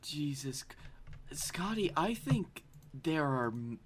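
A man from Alabama co-hosting a comedy podcast, tossing in dry, deadpan asides. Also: on the high side, slow pace, slight background noise. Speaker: podcast co-host. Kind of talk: casual comedic chat.

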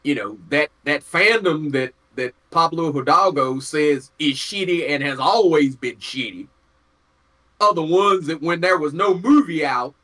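A man's voice: a little high, measured pace, sharp tone. A man co-hosting a podcast in casual chat, talking bluntly and heatedly with plenty of swearing. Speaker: podcast co-host.

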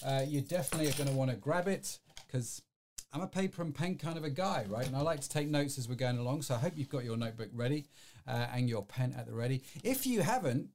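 A man's voice: mid-range voice, expressive, fast, a little mellow, slight background noise. A man hosting a live-streamed podcast, chatty and rambling, full of fillers and restarts. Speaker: podcast host.

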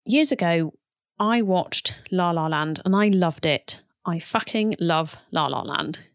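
A woman in her thirties speaks in a gentle, unhurried and candid way, like a yoga teacher sharing her own reflections. Her voice sits fairly low for a woman. The sound is close and dry, with almost no room in it. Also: no room sound. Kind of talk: reflective personal talk.

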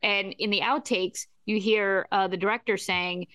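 A woman's voice: medium pitch, moderate pace, no echo. Chatty woman recapping, dry close sound. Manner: animated storyteller, acts out quotes, laughs often. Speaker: podcast co-host. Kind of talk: casual chat recapping a TV episode.

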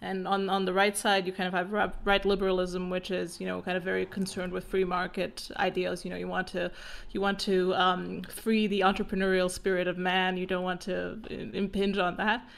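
A woman, a panel guest, talks quickly and hesitantly with many restarts, sounding out of breath, in an online discussion. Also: fairly low pitch, monotone, gravelly.

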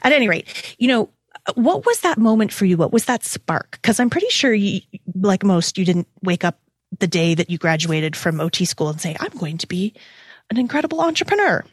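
A woman, hosting a podcast interview in a bubbly, excitable way and laughing often. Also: lowish voice, moderate pace, dry recording, clean studio sound. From Canada. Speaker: podcast host. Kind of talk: casual interview chat.

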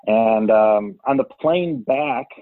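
A business co-founder in his thirties from Cleveland, Ohio chats through a casual interview on a tinny phone line, using lots of fillers and frequently restarting his sentences. He speaks slowly in a fairly low pitch, and the recording is dry.

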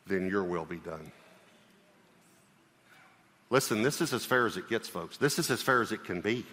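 A man preaching to his congregation, his voice bright and forceful as it rings out into a long church reverb. He talks in a conversational, emphatic way and keeps asking whether everyone is following him. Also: lowish voice. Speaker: pastor. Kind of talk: sermon. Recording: long reverb of a large hall.

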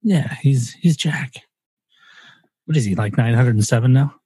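Husky guy cohosting a podcast, jokey and playful, dry close mic. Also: medium pitch, a little fast, dark tone, no echo. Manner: joking, playful, slips into put-on accents. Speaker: podcast co-host. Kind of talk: casual chat. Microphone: studio microphone.

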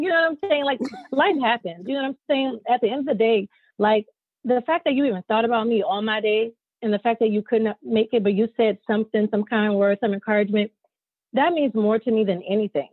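A candid woman talks with emphasis in a casual podcast chat, swearing freely as she makes her point. Her voice is a little husky and rather high, and it comes through a thin, phone-like line with no room sound. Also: fairly quick, no echo. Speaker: co-host, newly married.

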